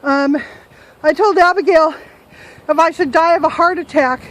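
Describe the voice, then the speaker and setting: A chatty older woman with a high voice vlogs from outside on a handheld camera. She talks casually and pokes fun at herself as she goes. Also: fairly even intonation, normal speed, fairly bright tone, poor audio. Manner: chatty, self-mocking, joking. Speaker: travel vlogger. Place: outdoors in a hillside cemetery.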